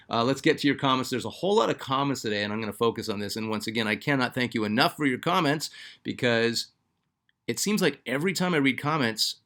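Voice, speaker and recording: A man's voice: mid-range voice, fairly bright tone. Chatty man hosting a basketball channel. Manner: chatty, filler-heavy, restarts often. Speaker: sports channel host. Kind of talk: casual commentary reading viewer comments.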